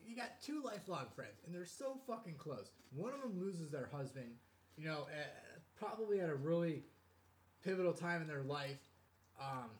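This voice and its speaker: A man's voice: fairly high pitch, very animated, normal speed, slight background noise. A man casually rambling through a movie review with friends, swearing and restarting his sentences.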